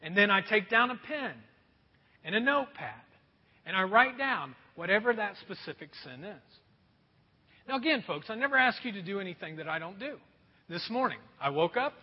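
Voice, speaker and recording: A middle-aged man preaching a sermon as a pastor, telling a self-deprecating story in an animated way. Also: high voice, normal speed, slightly rough. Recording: dull sound with long hall reverb.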